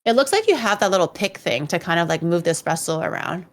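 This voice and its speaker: A woman in casual chat, telling a story in an animated way and swearing freely. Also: lowish voice, fast talker. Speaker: streamer guest.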